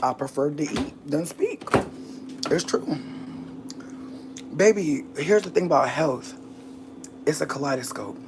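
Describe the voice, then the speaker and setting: A young woman from the US talks casually to camera, rambling and cursing with brash humor. She is a little out of breath and swings between low mutters and loud outbursts. A faint hiss sits under her voice. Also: very animated, unhurried, long pauses. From United States. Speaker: vlogger.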